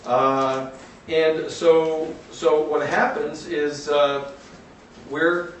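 A man's voice: on the high side, fairly even intonation, drawn-out words. Man telling a story in an echoey room. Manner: vivid anecdotal storytelling with fillers and restarts. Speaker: lecturer. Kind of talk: storytelling lecture to a class. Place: classroom or lecture hall. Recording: echoey room from far off, faint noise.

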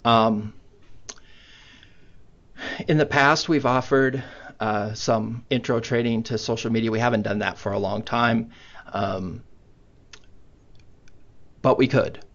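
Speaking slowly with long pauses, a man with a steady, mid-range voice hosts a webinar in a conversational, filler-heavy way. He's on a computer mic in a video call, and the meeting audio sounds muffled.

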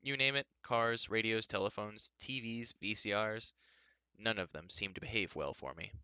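A man's voice: lowish voice, moderate pace, sharp tone, clear, resonant tone, dry recording. Dry, wry male novel reader. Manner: dry, wry first-person narration. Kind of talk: reading a novel aloud.

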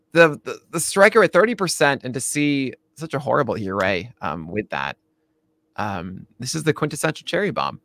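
Animated bright-voiced man hosting chat. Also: medium pitch, creaky. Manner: animated, laughs often, stumbles and restarts. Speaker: podcast co-host. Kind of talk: casual baseball chat.

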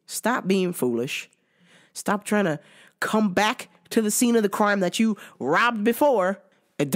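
A woman hosting a podcast, ranting in a sarcastic, profane way and laughing often. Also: medium pitch. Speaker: podcast host. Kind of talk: casual ranting commentary.

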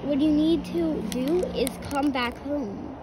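A child putting on a worried dad horse, firm and coaxing, slow and deliberate. The voice stays high, and there is loud noise behind it. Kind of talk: toy horse play-acting.

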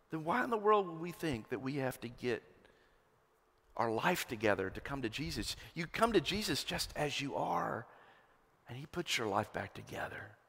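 A man preaching a sermon as pastor, rising to loud emphatic peaks and dropping to hushed lows. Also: creaky, husky. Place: church sanctuary. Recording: long hall reverb.

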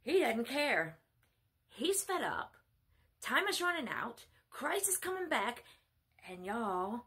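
A woman's voice: a little high, a bit bright, husky. Blunt scolding woman preacher. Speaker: self-styled spiritual mother preaching. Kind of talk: sermon monologue.

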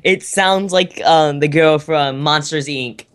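A man's voice: fairly high pitch, takes it slowly, a bit bright, clear, resonant tone. A young man chatting and giggling beside a friend's game playthrough. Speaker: co-commentator. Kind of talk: casual chat over a playthrough.

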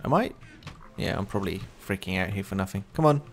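A man's voice: deep voice, animated, fast talker, creaky, slight background noise. A young man commentating his own gameplay, chatty and coaxing animals along, growing easily exasperated. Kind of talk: let's play commentary.

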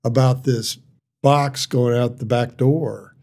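Middle-aged guy, gravelly husky voice, stop-start storytelling, lots of "he goes". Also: medium pitch, fairly even intonation, a little mellow. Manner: halting, many restarts and quoted dialogue. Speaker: surgeon guest. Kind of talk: casual storytelling chat.

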